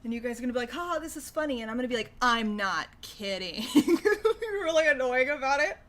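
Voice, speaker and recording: Sarcastic young woman livestreamer, fairly high voice. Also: quick pace, fairly bright tone. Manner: sarcastic, profane, laughs often. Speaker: livestream host. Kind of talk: casual livestream chat reacting to news.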